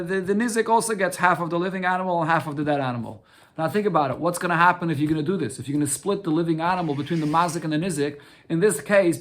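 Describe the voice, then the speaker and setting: A man's voice: fairly high pitch, fairly bright tone. A man teaching a daily Talmud lesson, reading short Aramaic phrases and explaining them step by step, often repeating words and asking and answering his own questions.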